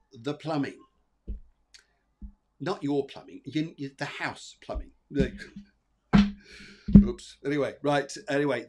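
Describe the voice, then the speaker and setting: A man hosts a live psychic show, reading cards and colours for viewers. He rambles in a chatty, reassuring way, peppered with fillers and restarts, at a mid pitch. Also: a little mellow. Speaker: psychic medium host.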